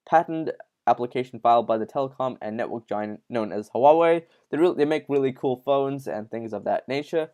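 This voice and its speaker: A man's voice: mid-range voice, darkish tone. A man hosts a casual online news show in a middle-range voice. He talks informally and chats straight to his viewers. His speech is loose and full of fillers. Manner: informal, addresses viewers as guys, many fillers. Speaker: crypto news host.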